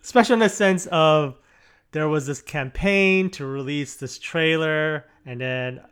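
A man hosting a casual podcast, upbeat and quick to laugh. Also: a little high, fairly bright tone, clear, resonant tone. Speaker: podcast host.

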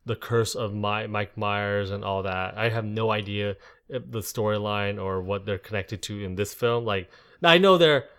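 A man with a lowish voice talks casually about a film as a podcast host. He rambles, trips over his words and fills the gaps with "uh" and "like". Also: moderate pace, a bit bright, clean tone. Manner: rambling, many fillers and restarts. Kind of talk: casual movie discussion.

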